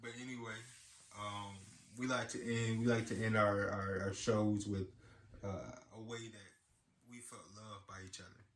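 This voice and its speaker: Here a young man in his early adult years co-hosts a relaxed podcast talk on marriage, his speech meandering and sprinkled with "you know." He has a lowish, level voice at a moderate pace, captured in an echoey room with faint background ambience.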